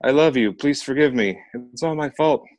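Figure: a terrified young heroine, begging and desperate, from a fantasy audiobook, voiced by a man. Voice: strained and raised above a low natural register. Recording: dry, close. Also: little pitch movement, normal speed, dry recording, close to an everyday voice. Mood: anguished. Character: terrified young woman pleading for her family.

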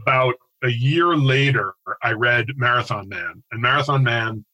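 A man's voice: mid-range voice, moderate pace, pushed and bright, poor audio. A man in his forties from the United States, telling a long self-deprecating story in casual podcast chat. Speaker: podcast co-host.

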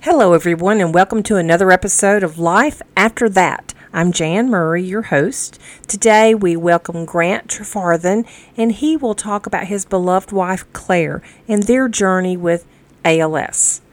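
A woman's voice: fairly low pitch, moderate pace. A woman hosting an interview show, greeting her guest and asking questions. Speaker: podcast host.

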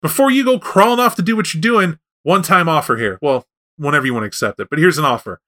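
A man's voice: a little high, lively intonation, quick pace, a bit bright. A man voicing a sly, boastful male coyote in a spoken folk tale, talking like a pushy salesman. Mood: wheedling. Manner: brash, wheedling salesman talk.

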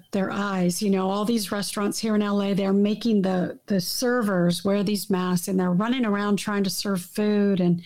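A woman's voice: mid-range voice, darkish tone. A woman talking in a casual, emphatic way, often trailing off and restarting her sentences. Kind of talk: casual conversation. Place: Los Angeles.

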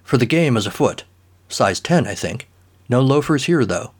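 A man's voice: mid-range voice, lively intonation, normal speed. A man playing a suave, commanding detective boss. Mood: cool. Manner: smooth, clipped and commanding. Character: suave male private-eye boss, cool and commanding.

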